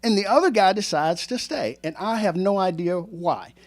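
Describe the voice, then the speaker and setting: Speaking in a high-pitched voice at a moderate pace, a man in his sixties recounts a true story before a live crowd. Once a teacher and coach, he keeps it lively and jokey, with self-deprecating asides.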